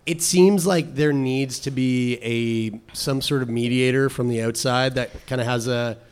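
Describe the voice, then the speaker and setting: A man's voice: mid-range voice, a little slow, clear, resonant tone. A man co-hosting a casual advice chat, talking in a rambling way with many fillers and restarts.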